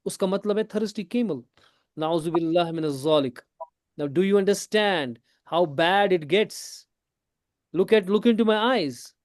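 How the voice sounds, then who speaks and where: A man's voice: high voice, no room sound, studio quality. Man teaching a class, switching into Hindi. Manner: explains slowly with repeated questions, mixing English with Hindi. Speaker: tajweed teacher. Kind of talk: classroom lesson.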